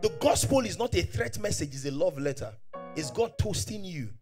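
High-pitched, animated Nigerian preacher man. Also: moderate pace, soft background music. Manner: fervent, swings from hushed to shouting; mixes Pidgin asides into preaching. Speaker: pastor. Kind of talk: preaching a sermon.

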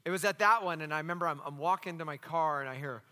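A man with a fairly high voice talks fast as he preaches like a pastor, telling stories in which he acts out the dialogue and tosses in jokey asides. He's animated throughout this storytelling sermon, and the recording has a long hall reverb.

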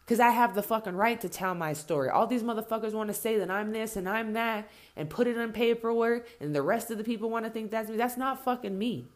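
A woman's voice: a little high, a little fast, few pauses. A woman delivering an impassioned spoken rant, blunt and heavily profane, hammering points home by repeating herself.

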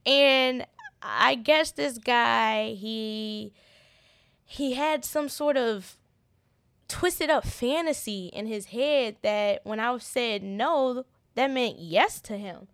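A young woman telling a personal story as an interview guest. She talks in halting starts and often repeats words in earnest. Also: a little high, fairly bright tone, clean tone, dry recording, clean studio sound. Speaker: interview guest, business owner.

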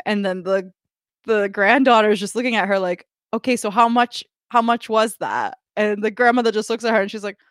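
A woman co-hosting a podcast in casual chat, telling lively anecdotes and acting out what people said. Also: mid-range voice, dry recording, clean studio sound. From United States. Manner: animated storyteller, acts out quotes with laughs. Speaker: podcast co-host.

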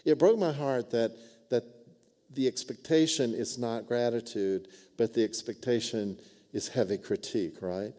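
A man's voice: mid-range voice, moderate pace, warm tone. A male pastor preaching a sermon, telling a personal story in a conversational way with frequent "right?" and "amen?" asides. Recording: long church reverb.

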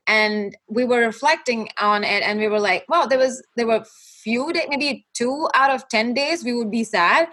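A young woman with a fairly high voice tells her personal faith testimony. She speaks earnestly and haltingly, often restarting her sentences as she works through painful memories. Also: sharp tone. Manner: halting, with many restarts and fillers. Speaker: guest sharing her testimony.

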